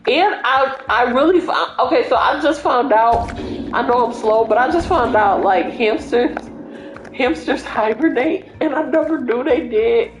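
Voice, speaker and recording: A woman's voice: high-pitched, measured pace. Chatty young woman in a roomy space. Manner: rambling, chatty storytelling with frequent fillers. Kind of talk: casual chat. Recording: roomy echo with faint music.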